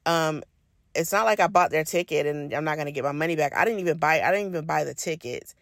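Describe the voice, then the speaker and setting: A woman's voice: low voice, fast, a bit bright, no room sound, studio quality. A middle-aged woman hosting a solo podcast, giving blunt, no-nonsense advice in a casual talk. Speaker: podcast host.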